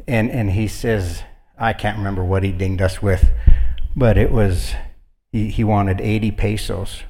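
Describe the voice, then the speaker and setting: A man's voice: lowish voice, a little mellow, in a large hall. A man preaching an informal sermon, telling stories in a folksy, conversational way. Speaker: guest preacher.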